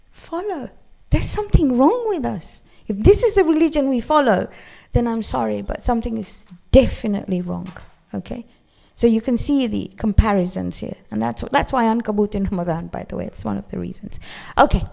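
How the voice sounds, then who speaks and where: A middle-aged woman leads a study class in a community classroom, slipping into animated storytelling and acted voices as she explains. Her voice sits a touch high and has a noticeable gravelly fry. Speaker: Qur'an study teacher. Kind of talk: lecture to a class.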